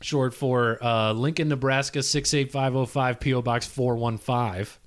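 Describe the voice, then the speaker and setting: A man co-hosting a comedy podcast, trading silly deadpan jokes in casual chat. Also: medium pitch, a little slow. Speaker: podcast co-host.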